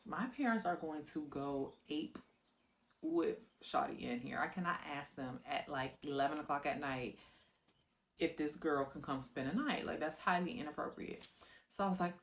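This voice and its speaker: A woman from South Florida recounting her life story in a low voice. She tells it in an animated way, talks straight to viewers and acts out scenes with sound effects. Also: normal speed, a little hiss or hum. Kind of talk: personal storytelling to camera.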